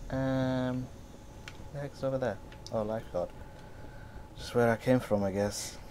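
A man casually commenting on his gameplay, swearing and excitedly talking back to the characters on screen. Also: medium pitch, unhurried, a little hiss or hum. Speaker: gamer playing through a game. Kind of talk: casual let's-play commentary.

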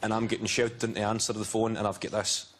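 A young Scottish man, a comedian guest on a chat show, telling stories in a deadpan way with dry jokes. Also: lowish voice, fast. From Scotland. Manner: deadpan storytelling, dry jokes, laughs often.

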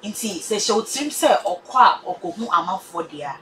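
A woman's voice: mid-range voice, animated, normal speed, fairly bright tone, a little hiss or hum, poor audio. A woman with a Ghanaian accent giving her opinion in a casual chat, lecturing in a mix of pidgin-tinged English and Twi.

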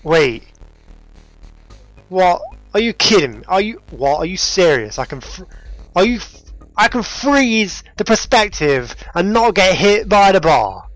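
A man's voice: high-pitched, sing-song, measured pace, no room sound, faint music behind. A man commenting on a puzzle game as he plays, talking to himself and his viewers, often frustrated and exclaiming. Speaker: gaming video host. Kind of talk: let's play commentary.

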